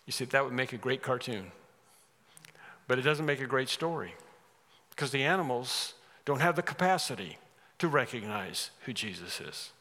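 Bright-voiced preacher in a reverberant hall. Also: male voice, mid-range voice, expressive, normal speed, pauses often. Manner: emphatic, repeats phrases for effect. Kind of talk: sermon.

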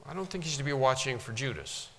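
A man's voice: mid-range voice, animated, fast talker, sharp tone. A man preaching a sermon, teaching from a Bible passage with emphatic repetition. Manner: emphatic, repeats for stress. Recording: long hall reverb.

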